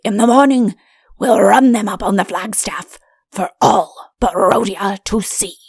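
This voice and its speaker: A smug, mischievous king who half-whispers his schemes, as a woman narrator puts him on. The voice is gravelly and hushed, recorded dry and close. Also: mid-range voice, a little slow, no room sound. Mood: gleeful. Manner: hushed, conspiratorial, pleased with himself. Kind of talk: audiobook character voice.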